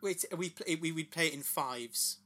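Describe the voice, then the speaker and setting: A man in his thirties with a bright, forward voice, chatting with enthusiasm. He talks a little higher than most men and tells his stories in a lively way. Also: normal speed. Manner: enthusiastic, animated storytelling. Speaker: podcast co-host. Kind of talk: casual chat.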